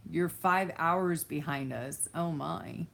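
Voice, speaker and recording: She speaks slowly in a deep, creaky voice. This Florida woman, from the USA, runs a live stream where she reads comments from viewers, keeps the chat casual, and laughs a lot.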